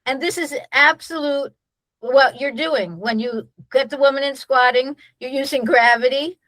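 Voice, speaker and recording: A woman's voice: high voice, normal speed, fairly bright tone, no echo, low-quality recording. A middle-aged woman, a nurse-midwife, explaining a birth protocol in a conversational way, full of restarts and fillers.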